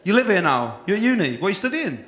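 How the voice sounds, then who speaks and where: A male compere works the crowd at a comedy club with brash, sweary teasing. His voice sits high and bounces all over the place. The room around him rings with echo from the stage mic. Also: very animated, fast talker, noisy background. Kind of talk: crowd work at a stand-up gig.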